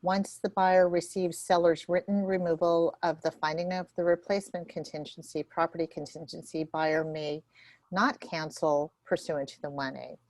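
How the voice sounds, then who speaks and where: A woman leads a real estate training session, going through contract forms one box at a time. Her voice sits a little low, and she talks quickly and nervously, with many ums and restarts. The sound is dry and close, with no room echo. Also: flat delivery, a little mellow.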